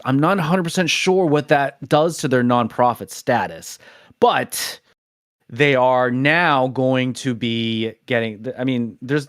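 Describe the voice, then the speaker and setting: A man's voice: mid-range voice, no room sound. Man co-hosting a chat podcast, dry sound. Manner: reads topic intros, then chats loosely with restarts. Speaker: podcast co-host. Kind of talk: casual chat.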